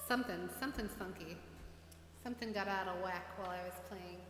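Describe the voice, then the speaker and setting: A woman's voice: fairly low pitch, brisk, roomy sound, in a large hall, over music. A woman musician hosting a livestream, chatting casually and rambling in a self-deprecating way between songs.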